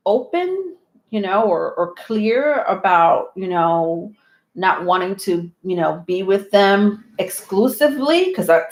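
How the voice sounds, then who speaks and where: A chatty woman reading tarot cards live to her viewers, her talk loose and full of fillers, breaking into laughs now and then. Her voice sits at a middle pitch and rings in an echoey room. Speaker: tarot reader.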